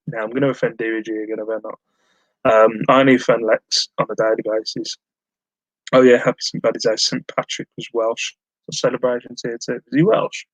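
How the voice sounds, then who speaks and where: A man's voice: mid-range voice, steady tone, a little fast, no echo, lo-fi sound. A man hosting a live stream from home, chatting casually and rambling as he reads out his viewers' messages with self-mocking humour. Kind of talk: casual chat while reading live chat.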